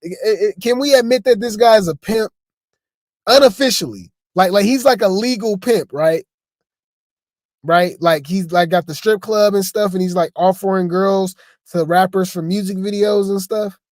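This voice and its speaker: A man's voice: sits high, moderate pace, no room sound, clean studio sound. Chatty man reacting to clips. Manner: chatty, stammering, rhetorical asides to viewers. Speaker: commentary host. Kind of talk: casual reaction commentary.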